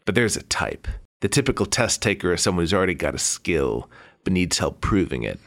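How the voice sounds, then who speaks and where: A shrewd underworld proctor, as a man acts him out in a comic audio drama. He speaks low and dry with a sly, matter-of-fact calm. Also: brisk, exaggerated voice.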